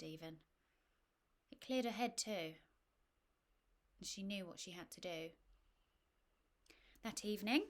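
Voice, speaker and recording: A woman reading a short story aloud, with a wry, gently humorous delivery. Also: on the low side. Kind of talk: scripted narration.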